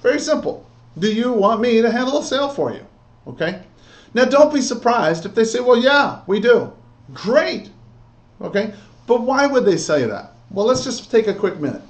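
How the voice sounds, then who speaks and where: Coaching real estate agents through a sales script, a man uses role-play in his instruction and keeps checking in with "okay?" and "all right?". His pitch is fairly high, and the room sounds echoey.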